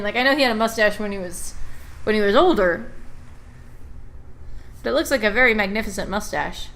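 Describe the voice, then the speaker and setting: Bright-voiced woman playing a game. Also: a little high. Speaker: let's play gamer. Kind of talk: game commentary.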